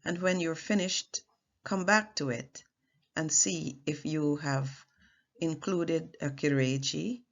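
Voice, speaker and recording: Slow, low-voiced woman teaching poetry. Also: highs cut off. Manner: slow, deliberate teaching with measured pauses. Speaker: teaching artist. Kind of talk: poetry lesson.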